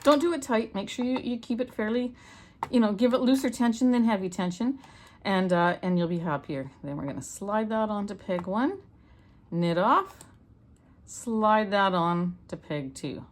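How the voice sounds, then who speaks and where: A middle-aged woman from Canada, medium-pitched and expressive, speaks at a moderate pace against slight background noise. She gives a homey, chatty loom knitting tutorial, talking step by step as she works.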